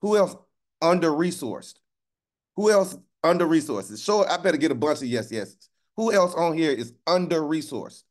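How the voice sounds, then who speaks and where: A man preaching with a voice that sits a little high. He talks plainly and colloquially, checks in with "right?" over and over, and slows right down to drive a phrase home. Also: expressive. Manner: call-and-response, keeps asking "right?"; colloquial, drawls phrases slowly for emphasis. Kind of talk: sermon.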